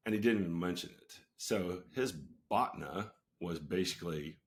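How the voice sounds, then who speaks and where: A middle-aged man with a very low, deep voice hosts his own show and tells a personal story in a loose, unhurried way. He pads his sentences with casual fillers and little asides as he goes. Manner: relaxed, frequent fillers and asides. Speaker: host, company founder.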